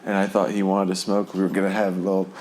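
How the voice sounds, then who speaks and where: A man's voice: low-pitched, monotone, quick pace, darkish tone, a little hiss or hum. A man from New Jersey telling his recovery testimony in a rambling way, with many fillers and frequent chuckles. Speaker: speaker sharing a recovery testimony. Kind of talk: personal testimony storytelling.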